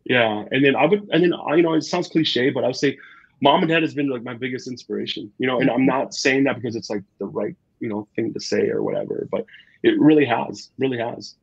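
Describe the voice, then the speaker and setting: A man with a slightly husky voice, talking as a guest chef in a casual interview. He tells his stories with energy, jumps into the voices of the people he quotes and fills pauses with "like" and "you know." The recording is a bit dull and lo-fi. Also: medium pitch. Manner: animated storyteller, acts out quotes, many fillers. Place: Twin Cities area.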